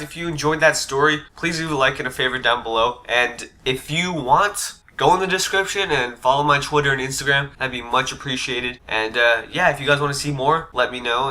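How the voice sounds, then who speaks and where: Bright-voiced young man telling a story. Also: mid-range voice. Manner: laid-back, swearing, lots of fillers. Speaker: vlogger. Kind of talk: casual storytime. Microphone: desk USB mic.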